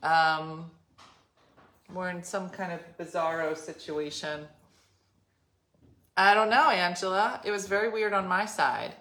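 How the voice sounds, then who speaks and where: A woman's voice: fairly low pitch, a little slow, pauses often, bright, forceful tone. A woman hosting a casual live stream from home, chatting in a rambling way with lots of fillers. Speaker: livestream host.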